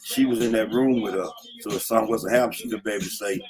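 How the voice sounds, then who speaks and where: A man's voice: lowish voice, steady tone, rapid-fire, over music. Laid-back man spinning street tales. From Atlanta, USA. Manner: slangy, keeps saying "you know what I'm saying". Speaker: vlogger telling street stories. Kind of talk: casual storytelling. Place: in a car.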